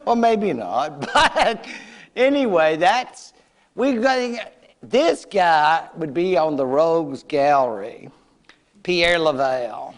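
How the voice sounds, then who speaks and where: Male history lecturer, high voice, slow and unhurried, chatty, wry asides. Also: sing-song. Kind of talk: lecture to adult learners.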